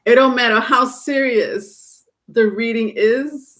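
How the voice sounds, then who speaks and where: A woman with a slightly high voice gives a live tarot reading straight to her viewers. She talks in a loose, chatty way, teasing and digressing, and keeps breaking into laughter. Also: slow, fairly bright tone. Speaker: tarot reader.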